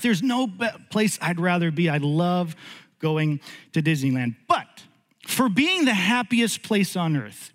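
A man in his thirties preaching to a congregation, his slightly high voice carrying a long reverberant tail through the hall. He tells stories with lively energy, then sinks into a low, slow, earnest delivery for the spiritual point. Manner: animated storytelling, voice jumps high for acted quotes, drops low and slow when earnest. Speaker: pastor. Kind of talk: sermon. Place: church sanctuary.

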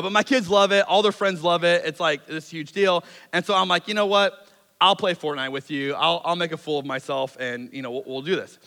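A man in his thirties preaching a sermon as a pastor, telling stories in a relaxed, self-deprecating way and acting out quotes. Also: fairly high pitch. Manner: conversational, self-deprecating storytelling with quick acted-out quotes. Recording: long hall reverb.

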